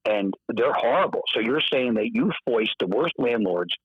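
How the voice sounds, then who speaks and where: A man telling a story in casual podcast chat, lively and acting out the voices of the people he quotes. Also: mid-range voice, normal speed, husky, dry recording. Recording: dull, dry podcast audio.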